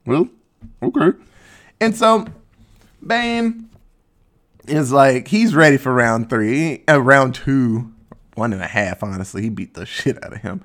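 A man's voice: mid-range voice, lively intonation, moderate pace, fairly bright tone. A man casually recapping a movie plot in a rambling, sarcastic way, swearing freely.

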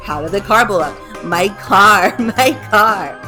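A woman voicing a panicked, furious father who is shouting in disbelief. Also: mid-range voice, sing-song, measured pace, music in the background. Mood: frantic.

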